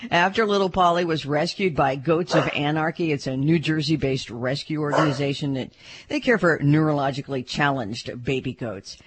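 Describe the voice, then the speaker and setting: A woman's voice: low voice, normal speed, noisy background. A woman hosting an animal news update on a radio show, chatty and hesitant with fillers.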